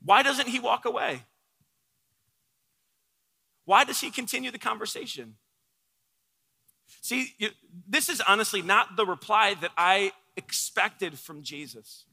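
A man's voice: high-pitched, expressive, measured pace, gravelly, long pauses, pushed and bright, in a large hall. A man preaching a sermon, earnest and explanatory, who asks his listeners questions as he works through a passage. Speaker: pastor.

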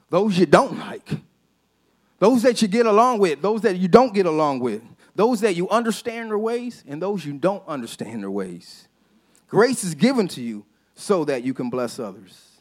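A man preaching a sermon as a pastor, telling a personal story in a casual, conversational way and often dropping to a soft, low voice for emphasis. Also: big pitch swings, moderate pace. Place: church sanctuary.

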